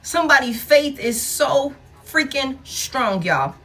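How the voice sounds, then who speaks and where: A woman's voice: high-pitched, lively intonation, takes it slowly, fairly bright tone, faint music behind. A woman giving a casual tarot reading, blunt and profane, repeating key lines for emphasis and laughing often. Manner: laughs often between remarks. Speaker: tarot reader.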